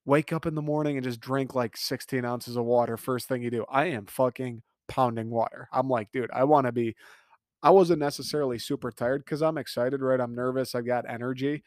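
A man's voice: medium pitch, brisk, dry recording, studio quality. Profane young man telling a story. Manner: animated, profane, self-mocking storytelling. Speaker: podcast host. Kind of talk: casual storytelling monologue.

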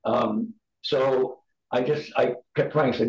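A man's voice: mid-range voice, fairly even intonation, takes it slowly. A middle-aged man, a podcast guest, giving candid personal testimony in an earnest, emphatic, preacher-like way. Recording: roomy, dull lo-fi sound.

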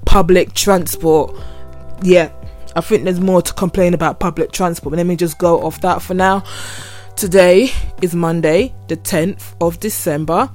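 A woman's voice: fairly low pitch, measured pace, faint music behind. A young woman with a London accent, hosting her podcast as a casual solo rant full of slang. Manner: chatty, slangy, animated. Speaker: podcast host.

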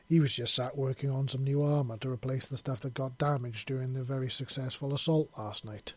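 A man reading fan fiction aloud, steady with small slips and restarts. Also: mid-range voice, brisk. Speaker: narrator.

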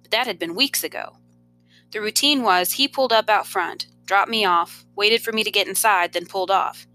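A woman, a teacher, reading a novel aloud in an expressive first-person storytelling manner. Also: mid-range voice, normal speed, soft background music.

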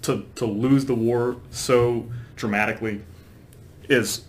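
Earnest, halting man co-hosting a podcast. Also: medium pitch, steady tone, a little hiss or hum. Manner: halting, repeats words, earnest. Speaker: podcast co-host. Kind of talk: casual political chat.

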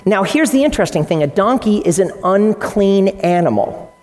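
A woman's voice: medium pitch, expressive, moderate pace, darkish tone. A woman pastor preaching a sermon to her congregation, teaching earnestly with varied emphasis. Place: church sanctuary. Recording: long reverb in a large hall.

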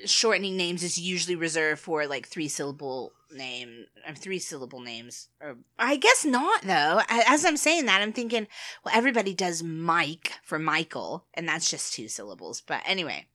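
American woman podcasting, kinda low, bright tone, laughs a lot. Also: very animated. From United States. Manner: chatty, laughs often, explains slowly. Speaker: podcast co-host. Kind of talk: casual chat.

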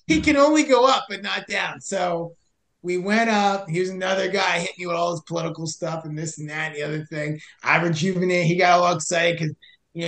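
A man's voice: sits high, brisk, echoey room. A young man casually telling a hiking rescue story, acting out both sides of the conversation. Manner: animated, acts out both sides of dialogue. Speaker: podcast guest, search and rescue hiker.

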